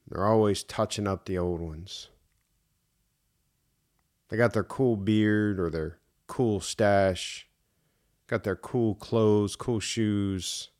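A man's voice: lowish voice, darkish tone. A middle-aged man hosting a solo podcast and telling a story in an earnest, emphatic way, repeating his key points. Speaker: podcast host. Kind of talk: reflective solo podcast monologue.

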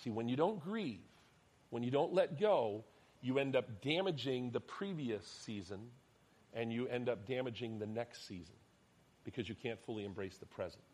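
With a medium pitch and a breathy edge, a middle-aged pastor delivers a storytelling sermon drawn from his own life. He gets loud to stress a point, then sinks into a quiet near-whisper.

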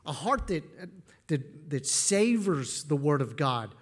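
A man's voice: fairly high pitch, big pitch swings, takes it slowly. A man preaching a sermon as pastor, earnest and given to repeating words as he starts a phrase.

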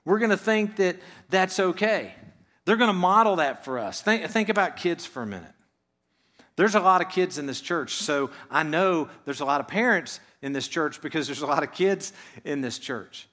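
Man preaching in a soft, conversational tone. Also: on the high side, expressive, moderate pace. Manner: conversational, drops voice softly on phrase ends, asks rhetorical questions. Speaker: pastor. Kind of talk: sermon. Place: church.

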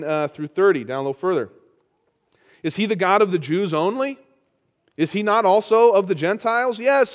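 A man preaching a sermon, reading scripture aloud and rising to emphatic peaks. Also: sits high. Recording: long hall reverb.

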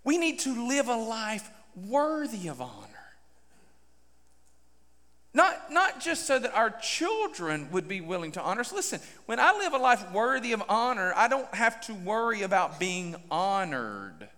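Animated high-voiced pastor in a reverberant hall. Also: male voice, unhurried. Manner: animated, direct questions to the congregation. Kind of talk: sermon.

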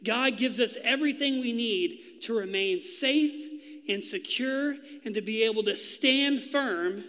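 High, bright-voiced pastor in a reverberant hall. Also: male voice, measured pace. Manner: playful storytelling with acted-out quotes. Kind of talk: sermon. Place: church hall.

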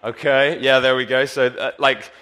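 Male pastor, bright voice, jokey sermon delivery on a handheld mic in church. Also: mid-range voice, flat delivery, moderate pace. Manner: playful, jokey, addresses the congregation directly. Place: church hall.

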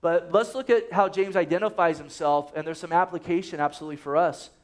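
Male pastor, easygoing joking sermon delivery, reads verses aloud, voice pitched a bit high. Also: steady tone, a little fast. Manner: conversational and joking, quotes scripture often.

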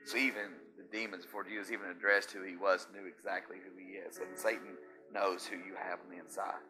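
Over music, a man with a deep voice preaches as pastor, fairly quick and flat in delivery. His sermon shifts between hushed intensity and shouting, and he puts call-and-response questions to the congregation.

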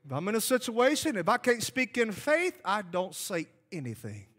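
A man's voice: sits high, sing-song, moderate pace, fairly bright tone. A man preaching a revival sermon in a church, fervent and emphatic, repeating his points. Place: church sanctuary. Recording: long hall reverb.

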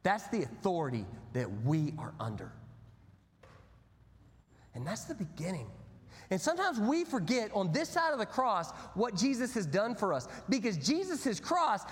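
Lively preaching man in a reverberant hall. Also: high voice, moderate pace. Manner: animated storytelling, swinging from loud to hushed. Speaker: pastor. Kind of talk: sermon. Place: church sanctuary.

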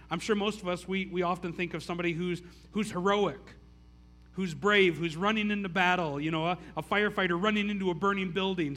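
A man's voice: sits high, bright, forceful tone. A man preaching a conversational sermon, often restarting phrases and saying "like" as he retells the story. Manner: casual, stammering restarts, frequent "like". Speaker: pastor.

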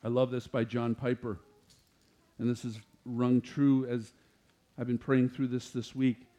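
A man preaching a sermon, animated, growing louder and higher as he quotes scripture. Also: measured pace. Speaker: pastor.

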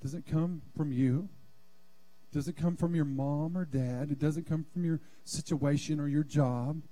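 A man's voice: on the high side, steady tone, unhurried, dark tone, dry recording. A male pastor preaching a sermon in a church sanctuary, fervent and calling on the congregation to answer back.

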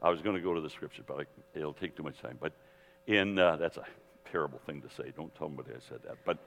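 A man teaching a Bible seminar in a lively, digressive sermon style, full of restarts and asides, speaking to an audience in a hall. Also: rumbling low, fast talker, creaky. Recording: long hall reverb.

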